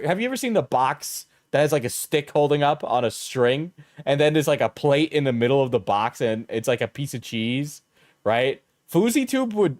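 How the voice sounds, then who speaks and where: A man hosting a commentary channel, thinking aloud in loose, rambling sentences full of "like" and "right?". His voice sits somewhat high for a man and is recorded dry and close. His crude jokes come out with an offhand, mocking tone. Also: no echo. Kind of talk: casual commentary.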